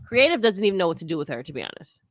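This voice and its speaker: A woman's voice: on the low side, big pitch swings, rapid-fire, dry recording. Dry-sounding woman podcast co-host. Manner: agreeable, backchannels a lot, laughs easily. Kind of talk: casual chat about wrestling.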